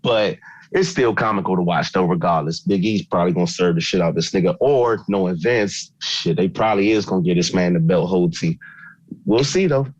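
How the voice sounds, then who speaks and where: A man's voice: low-pitched, brisk, highs cut off. A man co-hosting a wrestling podcast in laid-back, slangy casual chat that rambles. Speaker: podcast co-host.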